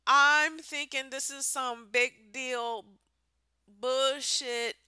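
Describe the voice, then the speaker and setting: A woman's voice: high-pitched, steady tone, drawn-out words, pushed and bright, clear, resonant tone, no room sound. A woman ranting bluntly into the camera on her vlog, exasperated and swearing freely. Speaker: vlogger.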